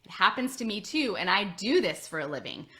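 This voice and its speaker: A woman in her forties, an admissions coach, giving chatty, animated advice to parents. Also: mid-range voice, brisk. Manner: chatty, animated, addresses listeners as friends.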